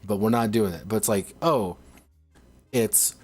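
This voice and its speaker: A man's voice: lowish voice, a little slow, slightly rough, faint music behind. A man streaming, ranting casually in a sarcastic, profane way, rambling with frequent restarts.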